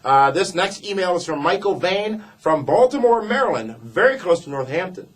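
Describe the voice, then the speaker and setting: Co-hosting a casual wrestling show, a man reads viewer emails aloud into a desk mic with playful emphasis. His voice sits high and husky, animated but at normal speed.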